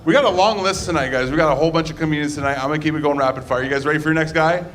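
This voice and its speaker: A man's voice: a little high, racing, crowd noise. A man hosting a comedy show, introducing the next comics from the stage. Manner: upbeat, announcing comics. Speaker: show host. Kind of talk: emcee introductions. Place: comedy club.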